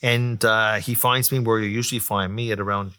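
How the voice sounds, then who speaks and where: A man's voice: fairly low pitch, steady tone, a little fast, bright, forceful tone, smooth. A middle-aged man, an economist, telling a story from his career in a chatty interview, full of fillers and restarts. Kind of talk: conversational storytelling.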